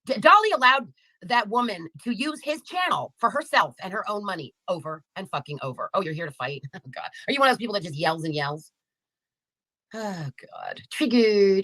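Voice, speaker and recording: A woman's voice: mid-range voice, lively intonation, moderate pace, sharp tone, no echo, low-quality recording. A woman hosting a live commentary stream, sarcastic and profane, chatting casually and reading out comments. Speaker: livestream commentary host.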